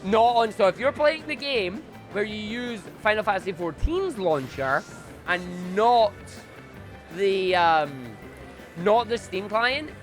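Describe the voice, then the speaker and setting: A young man chatting casually on a live stream, excitable and prone to loud bursts of enthusiasm. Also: high-pitched.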